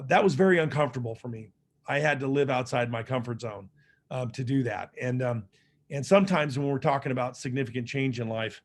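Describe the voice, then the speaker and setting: Middle-aged guy giving a motivational talk, earnest storytelling, lots of ums and restarts, mid-range voice. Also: mid-range voice. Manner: earnest, conversational, frequent fillers and restarts. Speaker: motivational speaker. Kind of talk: personal storytelling speech.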